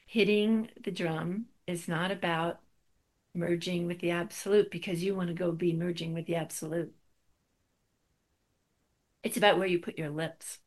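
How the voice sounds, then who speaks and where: A woman's voice: lowish voice, fairly even intonation, moderate pace, long pauses. A middle-aged woman giving a spiritual talk, telling a personal story with wry, self-deprecating humor.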